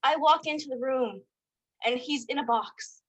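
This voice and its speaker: A woman's voice: high voice, moderate pace, fairly bright tone, slightly rough, poor audio. Playful giggly young woman podcaster. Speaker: podcast co-host. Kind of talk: casual chat.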